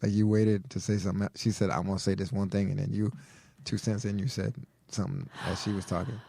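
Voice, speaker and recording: A man co-hosting a comedy podcast, ribbing the host loudly with slangy jokes. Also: on the low side, level tone, fast, vocal fry. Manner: loud, street-slang ribbing. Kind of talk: casual comedy banter. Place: podcast studio.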